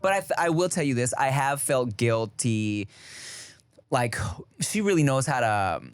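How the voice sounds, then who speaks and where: A man's voice: mid-range voice, expressive, measured pace, clean tone, no echo. A man co-hosting a podcast in loose, slangy, rambling chat. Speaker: podcast co-host.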